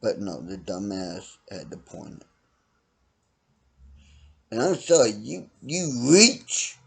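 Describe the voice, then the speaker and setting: A middle-aged man ranting his opinions bluntly and profanely, swinging from loud outbursts to low mutters. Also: very animated, slow pace, vocal fry, long pauses, husky. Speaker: vlogger ranting to camera.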